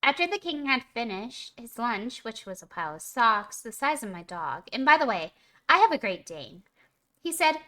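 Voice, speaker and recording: A woman streamer reading a bedtime story aloud, telling it gently and giving the characters small voices of their own. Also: a little high, sing-song, moderate pace. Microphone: streaming mic.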